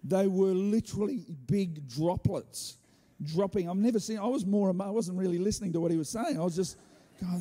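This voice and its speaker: A man preaching a sermon, telling a story with animated delivery and joking asides. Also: high-pitched, brisk. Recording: hall reverb.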